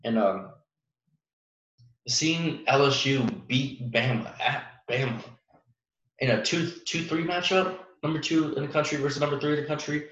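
On his own sports podcast, a young host talks casually and rambles, leaning on fillers and restarts while chuckling at his own jokes. He's middle-pitched and fairly bright at a moderate pace, and the recording sounds roomy, dull and muffled.

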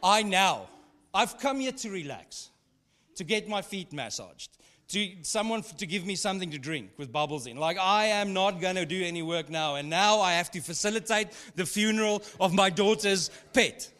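A man's voice: high-pitched, lively intonation, moderate pace, fairly bright tone. A man preaching a sermon as pastor, in a chatty, humorous storytelling way with frequent asides. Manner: conversational, humorous storytelling with laughs. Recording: long hall reverb.

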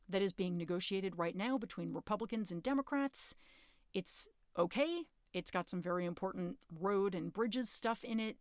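A woman hosting a podcast, talking casually and earnestly to her listeners, informal and urgent, sometimes cursing, her pitch jumping up when she presses a point. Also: no room sound, studio quality. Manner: informal, occasionally curses. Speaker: podcast host. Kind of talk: casual advocacy talk.

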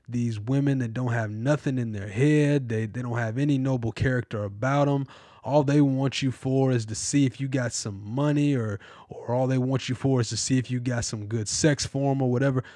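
A man's voice: mid-range voice, a little mellow, no room sound, studio quality. A man hosting a biblical podcast, giving emphatic, repetitive advice straight to his listeners like a sermon. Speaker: podcast host. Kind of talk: preachy advice monologue.

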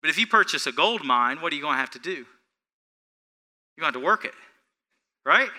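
Male pastor, sermon delivery, bright tense voice, questions to the congregation. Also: a little high, animated, brisk. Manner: preaching without notes, asks the congregation questions.

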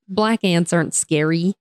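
Young woman co-host, low-ish voice, dry sound, casual, lots of laughs and rants. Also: no room sound. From United States. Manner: animated, laughs often, rants. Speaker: podcast co-host. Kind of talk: casual chat.

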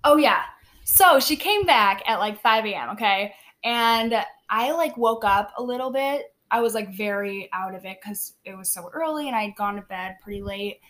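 A teenage girl telling a story in casual chat, talking quickly with lots of "like" and acting out the quoted lines. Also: medium pitch, expressive, a bit bright. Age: teens. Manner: chatty, heavy use of "like", acts out quoted lines.

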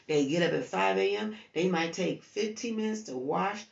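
A woman's voice: medium pitch, moderate pace, vocal fry. A woman from the United States preaching informally in a conversational, urging way while she has the hiccups and keeps yawning. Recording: roomy, distant, dull sound.

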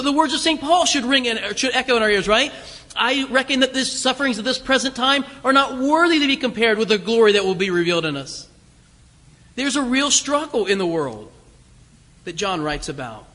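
A man with a high, bright voice preaching a sermon. He talks emphatically, repeating phrases for stress and slowing down to read scripture. His voice rings through a long hall reverb.

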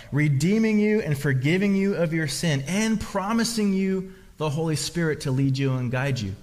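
Emphatic preacher in a reverberant hall. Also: male voice, a little high. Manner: emphatic, repetitive preaching with restarts. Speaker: pastor. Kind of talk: sermon. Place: church hall. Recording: long reverb of a large hall.

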